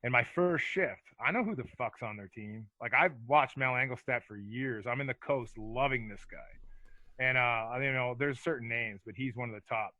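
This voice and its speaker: A man's voice: mid-range voice, normal speed, bright, forceful tone, no room sound, muffled recording. A man in his forties, a former hockey enforcer, telling profane, laid-back stories as a podcast guest. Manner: profane, laid-back storyteller with filler words. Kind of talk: casual storytelling chat.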